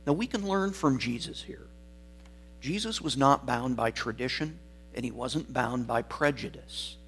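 A man's voice: mid-range voice, a little slow, fairly bright tone, faint music behind. A man preaching a sermon, explaining scripture verse by verse and repeating key words for emphasis. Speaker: pastor.

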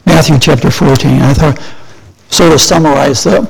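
Older guy preaching, gravelly voice, kinda high, asks the room questions then answers them. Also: fairly even intonation, moderate pace, rough recording. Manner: conversational, asks and answers his own questions. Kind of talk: sermon.

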